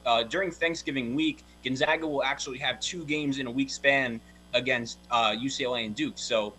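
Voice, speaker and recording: A man giving college basketball analysis on a podcast in a steady, informative manner. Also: mid-range voice, a little fast, a little hiss or hum, poor audio. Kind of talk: sports analysis.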